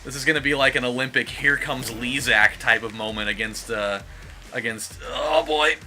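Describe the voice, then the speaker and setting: A man casually rambling as he comments on a racing game, excitable during close moments. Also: mid-range voice, brisk, soft background music. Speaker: let's play host. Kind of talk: gameplay commentary.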